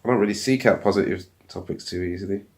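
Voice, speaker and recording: A laid-back man rambles through a casual podcast chat. His voice sits fairly low. He speaks loosely and conversationally. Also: quick pace, darkish tone.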